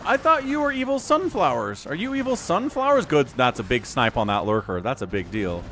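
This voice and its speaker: During a live stream, a man from Utah, USA, provides commentary on a strategy game while chatting with viewers. His pitch swings widely as he answers chat and cracks jokes between play calls, chatty and animated throughout, with faint music playing softly behind him.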